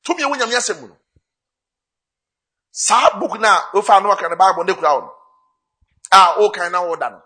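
A man's voice: sits high, brisk, pauses often, pushed and bright. A man preaching a sermon with a Ghanaian accent, switching between Twi and English and rising into bursts of emphasis. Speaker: pastor.

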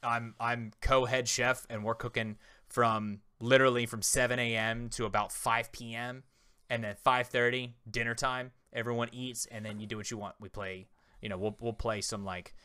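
Male podcast co-host in his 30s, teasing quizmaster, bright tone, dry close sound. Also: medium pitch, little pitch movement, normal speed, clear, resonant tone, no echo. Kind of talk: casual chat.

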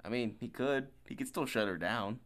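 A man co-hosting a podcast in casual chat about a film, jokey and quick to laugh, mimicking the characters. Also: mid-range voice, a bit bright. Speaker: podcast co-host.

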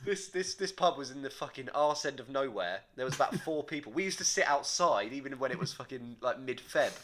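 A man's voice: medium pitch, expressive, fairly quick, fairly bright tone, slight background noise. A young man, co-hosting a casual comedy chat with lots of swearing and teasing. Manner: swearing, teasing, game-show banter. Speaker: podcast co-host.

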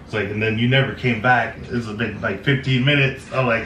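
A man's voice: medium pitch, lively intonation, normal speed, few pauses, pushed and bright. A young man from Canada telling casual, rambling stories, full of swearing, laughter and fillers like "like" and "man". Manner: laid-back, swearing, lots of "like" and "man", laughs often. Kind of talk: casual storytelling chat. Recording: echoey room, mic at a distance, noisy.

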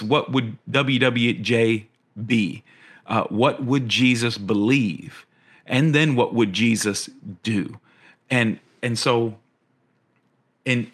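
With a fairly bright tone, a middle-aged preacher gives an earnest sermon. He tends to repeat words, and his voice lifts in pitch on questions.

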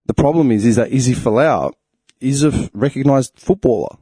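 A man's voice: mid-range voice, brisk, dark tone, husky, no room sound. A young Australian man hosting a podcast, ranting bluntly and indignantly, with heavy swearing. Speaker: podcast host. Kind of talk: casual opinion rant.

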